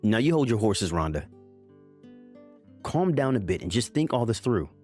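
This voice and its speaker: In a dramatized story, a man plays a defensive, evasive husband trying to please his mother, placating and brushing off complaints. His lowish, darkish voice is very animated at normal speed, with faint music behind.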